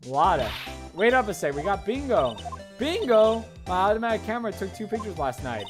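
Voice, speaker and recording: Man doing a loud southern gal. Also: high-pitched, sing-song, brisk, over music, pitched above the performer's own voice. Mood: brash. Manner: folksy, loud, sassy. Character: brash southern woman photographer, loud.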